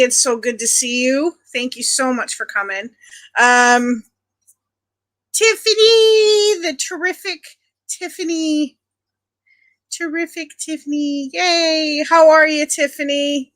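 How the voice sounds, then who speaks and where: Middle-aged woman from Ontario, livestream host; chatty and friendly with viewers, bright, slightly high voice. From Canada (Ontario). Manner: chatty, greets viewers by nickname. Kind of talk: casual chat with live viewers.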